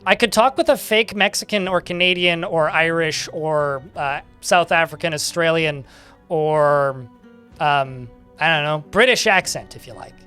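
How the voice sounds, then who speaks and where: A man's voice: on the high side, unhurried, pushed and bright, clear, resonant tone, soft background music. A young man streaming a game and chatting casually with his viewers, with a dry, sarcastic-sounding way of talking. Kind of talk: casual livestream chat while gaming.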